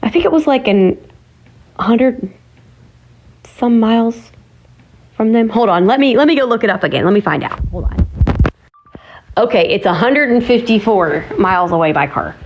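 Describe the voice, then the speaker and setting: Woman vlogger, slightly high pitch, rambling casual home chat with asides. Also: lively intonation, moderate pace, pauses often, highs cut off. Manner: chatty, rambling, exclaims and mutters to herself.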